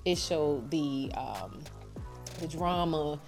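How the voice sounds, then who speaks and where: A young woman with a slightly low voice hosts a casual interview. She speaks earnestly and gets animated, filling pauses with um and like. Soft music sits faintly behind her. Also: gravelly. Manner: animated, earnest, lots of fillers. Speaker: host.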